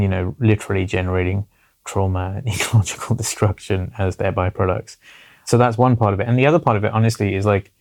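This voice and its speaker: A man in his forties speaks as an interview guest, his voice pitched low and roughened by steady fry. He talks earnestly and thinks aloud, leaning on small fillers as he works through his points. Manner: earnest, repeats "basically" and "you know". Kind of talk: reflective conversational interview.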